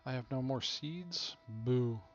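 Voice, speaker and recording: A laid-back man thinks out loud as he plays a game, half muttering his plans. His voice sits at an ordinary middle pitch. The recording sounds a little dull and muffled. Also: slow pace, a little hiss or hum. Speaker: game streamer. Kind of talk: casual gameplay commentary.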